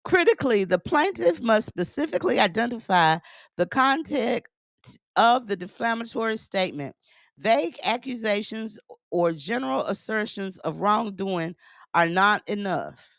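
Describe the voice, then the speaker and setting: A woman's voice: medium pitch, lively intonation, a little slow, gravelly, fairly bright tone, no echo, clean studio sound. A woman news commentator reading aloud from a court order and breaking in with emphatic remarks, repeating phrases as she goes.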